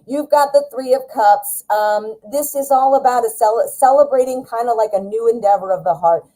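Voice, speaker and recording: A woman's voice: on the high side, moderate pace, dark tone, poor audio. A woman doing a live-streamed tarot reading, chatty and reassuring, talking straight to the viewer. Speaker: tarot reader.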